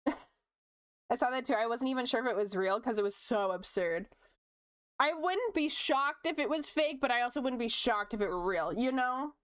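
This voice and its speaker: A woman's voice: on the high side, lively intonation, moderate pace, fairly bright tone. A young woman streamer chatting casually while she draws, reading chat aloud, laughing often and swearing freely.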